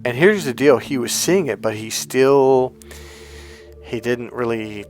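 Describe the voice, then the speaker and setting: A man's voice: mid-range voice, unhurried, darkish tone, faint music behind. A man working as a dating coach, telling a story to his audience in a blunt, emphatic and profane way, often repeating words for emphasis. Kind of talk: storytelling monologue.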